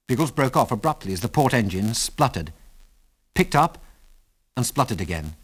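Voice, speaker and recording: A man narrating an adventure story in a measured, dramatic reading. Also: medium pitch, very animated, breathy edge.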